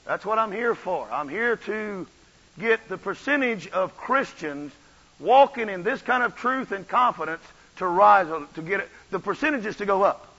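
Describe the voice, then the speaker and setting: A man preaching a revival sermon, swinging from soft asides to shouted runs. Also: sits high, animated, normal speed, breathy edge, highs cut off. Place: church.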